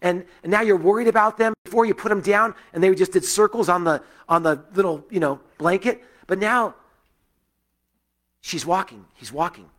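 A man's voice: sits high, normal speed. A middle-aged man giving a sermon as a pastor, telling personal stories in a loose, conversational way with frequent fillers and restarts.

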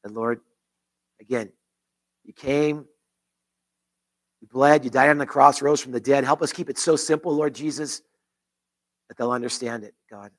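A man's voice: medium pitch, moderate pace, long pauses. A man pastor leading a closing prayer in church, earnest, with repeated phrases and restarts. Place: church sanctuary.

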